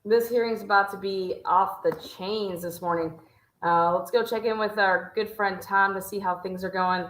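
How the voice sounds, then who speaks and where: A woman's voice: medium pitch, steady tone, normal speed, a bit bright. A woman hosting a live stream in a playful, hyped-up, casual way, cheering her viewers on. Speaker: livestream host. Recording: echoey room.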